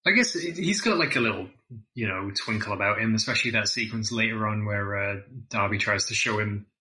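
A man from Scotland talks films in a relaxed, self-deprecating way, often restarting his sentences. His voice sits a little low yet sounds bright and forceful. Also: a little fast, a little hiss or hum. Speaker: podcast co-host. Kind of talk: casual film podcast chat.

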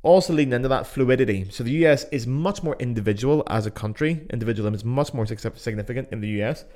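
A young man with a softened Belfast accent, hosting a solo podcast and giving blunt, opinionated views with plenty of swearing. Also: mid-range voice, quick pace. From Northern Ireland. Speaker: podcast host.

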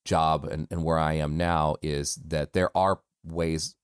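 A man from the United States chats as a guest about his voice work, rambling and often poking fun at himself. His voice is very low, and the recording is dry and close. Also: flat delivery, slow, smooth, no echo. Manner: candid, self-deprecating, rambling. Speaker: voice actor guest. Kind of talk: casual interview chat.

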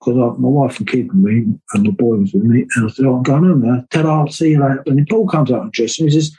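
A man's voice: mid-range voice, fast, hardly any pauses, dark tone, slightly rough, low-quality recording. An older man, a guest musician, telling rambling anecdotes in a casual interview and acting out the voices of people he quotes.

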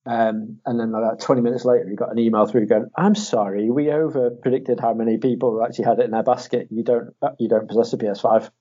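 A man's voice: medium pitch, fast, few pauses, breathy edge. Young man, casual chat, laughs and swears, dull lo-fi sound. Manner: animated storytelling, acts out quotes in a raised voice, swears, laughs often. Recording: dull lo-fi audio.

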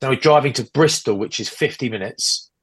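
Harried British dad ranting fast. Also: male voice, medium pitch, fairly bright tone, breathy edge. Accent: British English. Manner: rapid rambling rant, exasperated. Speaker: podcast co-host. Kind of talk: casual chat. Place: relative's house indoors. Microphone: AirPods earbuds.

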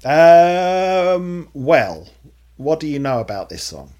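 A man co-hosting a chatty music podcast. His voice is mid-pitched, and his intonation rises and falls a lot. He talks in a loose, rambling way, with plenty of fillers. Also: sing-song, slow, a little mellow. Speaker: podcast co-host. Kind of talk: casual podcast chat.

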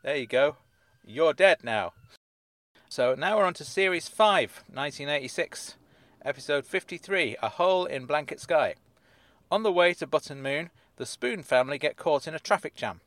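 A man's voice: a little high, normal speed, fairly bright tone, no room sound. A man reading episode synopses aloud and adding dry, sardonic asides, chuckling as he goes. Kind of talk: casual comic commentary.

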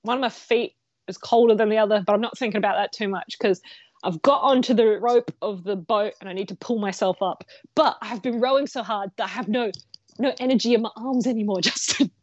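A woman co-hosting a podcast, telling a story in a casual, animated way, laughing often and swearing freely. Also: mid-range voice, brisk, no room sound, highs cut off. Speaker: podcast co-host.

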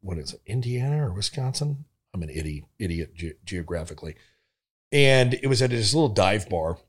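A man, a comedian and former cop, telling stories in a casual chat, animated and laughing through them. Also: fairly low pitch, a little fast, husky. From Omaha area of Nebraska. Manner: animated, laughing through his own stories, jumping into big voices for quotes.

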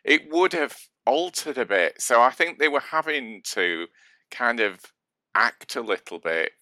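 A man's voice: medium pitch, expressive, a little slow, pushed and bright, no echo. A man co-hosting a baking podcast, chatting casually and trailing off with restarts. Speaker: podcast co-host, baker. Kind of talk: casual chat.

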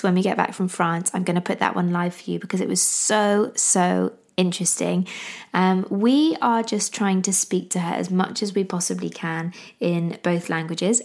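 A young woman hosting a parenting podcast. She chats casually to listeners, sometimes keeps her voice low, and rambles with lots of fillers. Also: vocal fry. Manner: hushed at times so a baby can sleep, rambling with many fillers.

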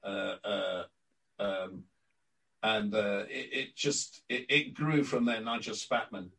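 An older man, a guest on an interview podcast, telling lively stories from his career and acting out quotes. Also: lowish voice, slow, far from the mic, rough recording. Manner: lively raconteur, acts out quotes. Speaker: interview guest, former club announcer. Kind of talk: anecdotal storytelling.

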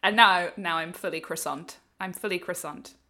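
Casting: woman, 30s, podcast co-host, bright forward tone, enthusiastic, quick playful asides. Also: lowish voice. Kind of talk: casual chat.

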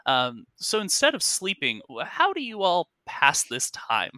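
A man's voice: fairly high pitch, wildly swooping pitch, a little slow, bright, forceful tone, no echo. A man narrating a tabletop game as game master, rambling with many fillers and self-corrections.

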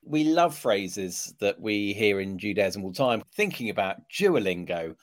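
A man's voice: on the low side, very animated, measured pace, soft background music. A man co-hosting a podcast, asking questions in a playful, teasing way. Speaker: podcast co-host. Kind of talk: casual podcast chat.

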